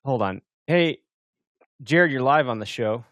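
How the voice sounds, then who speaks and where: Rambling podcast host, dry close sound. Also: male voice, medium pitch, lively intonation, unhurried, a bit bright, no room sound, highs cut off. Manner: rambling, swears casually, restarts often. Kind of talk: casual podcast chat. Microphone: studio mic, call software.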